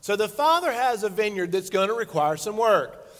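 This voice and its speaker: Playful high-voiced man preaching in a hall. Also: sing-song, normal speed. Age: 40s. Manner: playful, conversational preaching with acted-out quotes. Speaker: pastor. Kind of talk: sermon. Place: church sanctuary stage. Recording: long reverb of a large hall.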